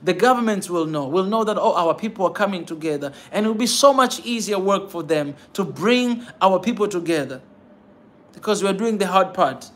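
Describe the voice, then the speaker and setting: A man with a rather high voice talks fervently to his viewers as host of a pan-African channel. He repeats his phrases for emphasis and keeps tagging them with "man," pleading more than lecturing. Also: expressive, a little fast, a bit bright. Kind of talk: impassioned livestream talk to viewers.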